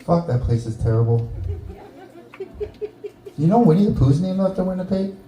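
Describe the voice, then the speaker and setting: A man's voice: a little high, lively intonation, moderate pace, mellow, roomy sound, low-quality recording. A Canadian man doing a stand-up set in a small bar, teasing the audience with crude jokes. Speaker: stand-up comedian. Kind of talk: stand-up set with crowd work.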